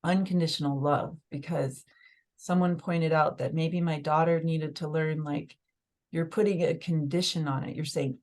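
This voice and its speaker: A woman with a slightly low voice tells a personal story as a podcast guest. She talks in a loose, emotional way and scatters "like" through nearly every sentence. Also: fairly even intonation, moderate pace, darkish tone. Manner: emotional, filler-heavy, lots of "like". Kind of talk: casual conversational storytelling.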